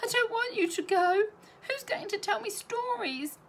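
A woman voicing a small, clingy young schoolgirl in a high wailing plea, in a storybook reading. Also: animated, measured pace, heavily acted.

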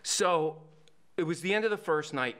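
A man, a guest on a podcast, telling a story in a lively way, swearing freely and acting out the people in it. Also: a little high, normal speed. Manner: profane, acts out the people in his stories. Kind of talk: animated storytelling.

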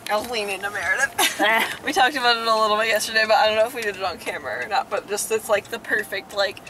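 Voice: mid-range voice, quick pace. A young adult chatting playfully and teasingly in a car during a casual vlog. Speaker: vlogger. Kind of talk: casual chat. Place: inside a car. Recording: road noise from a car.

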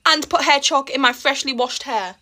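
A woman's voice: high voice, moderate pace, sharp tone. A teenage girl chatting while getting ready for school, dramatic and exasperated, laughing often. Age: teens. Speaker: vlogger. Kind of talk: get-ready-with-me vlog.

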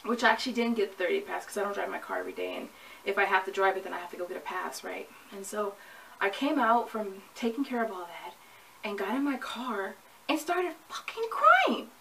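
Young woman rambling to her camera, gravelly bright voice, sitting back from the mic, faint hiss. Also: medium pitch, quick pace, recorded from a distance, low-quality recording. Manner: chatty, rambling, self-laughing. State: hot and sweaty. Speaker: vlogger. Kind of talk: casual pregnancy vlog to camera. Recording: from the mic with faint ambient noise.

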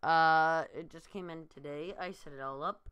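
A man's voice: fairly high pitch, normal speed, pushed and bright, smooth, no echo. A tired young man vlogging from his room, rambling with lots of fillers and restarts. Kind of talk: casual chat to camera. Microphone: new desk mic.

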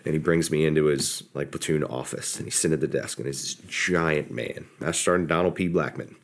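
A middle-aged man casually telling a story from his past, relaxed and self-deprecating, acting out what other people said. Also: rumbling low, fairly quick, vocal fry. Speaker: podcast guest, former soldier.

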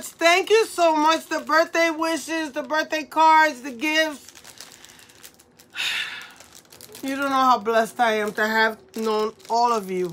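Woman, middle-aged, live jewelry seller, teary and giggly, affectionate, bright voice. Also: sits high, slow pace, long pauses, slight background noise. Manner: tearful and laughing through words; affectionate, calls viewers mamacita. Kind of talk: emotional live-stream sales chat.

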